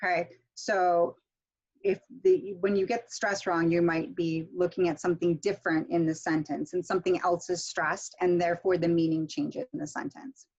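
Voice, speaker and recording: A middle-aged woman teaching English pronunciation in an online workshop, explaining step by step and saying example words slowly with clear stress. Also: fairly low pitch, fairly even intonation, a little mellow, lo-fi sound.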